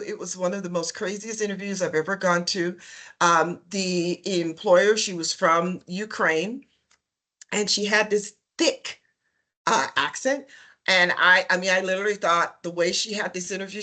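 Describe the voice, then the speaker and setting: A woman on a panel, telling her career story in a lively, chatty way with many ums and acted-out quotes. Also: medium pitch, moderate pace. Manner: lively storyteller, acts out what others said; chatty, with frequent um and uh. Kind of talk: personal storytelling in a webinar panel.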